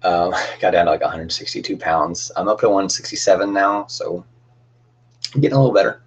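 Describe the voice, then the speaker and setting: A man's voice: low-pitched, brisk, slightly rough. A young man hosting a casual cosplay livestream, chatting in a rambling, friendly way with lots of fillers and restarts.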